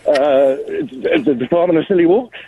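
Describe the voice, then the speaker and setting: A man's voice: sits high, sing-song, moderate pace, gravelly, a crowd in the background. A man with a London accent calling in, giving brief, matter-of-fact answers over the phone. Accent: London English. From England. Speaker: caller. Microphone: phone line. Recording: tinny phone line.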